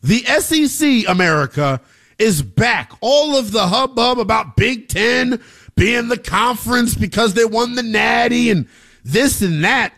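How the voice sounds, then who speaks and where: A man with an extremely high, expressive voice, a bit bright and with vocal fry, hosts a live college football talk show. Hyped and jokey, he hollers, then quickly drops to mutters, speaking straight to viewers while reading out score updates and chat comments.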